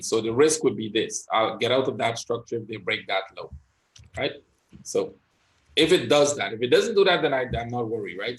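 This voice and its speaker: Man, trading instructor, live session commentary, mid-pitched voice, thinks out loud, conversational. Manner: thinks aloud, often adds "right?".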